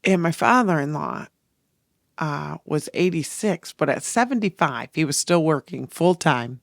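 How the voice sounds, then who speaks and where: Podcast host, earnest and emotional, gravelly fry in the voice, dry close sound. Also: medium pitch, lively intonation, a little slow, no echo. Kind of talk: personal reflective monologue.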